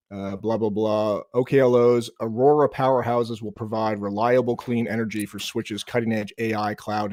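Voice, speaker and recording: A man's voice: fairly low pitch, darkish tone, no echo, studio quality. A man co-hosting a live trading show, reading out company news in an offhand, self-deprecating way. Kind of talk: live market commentary.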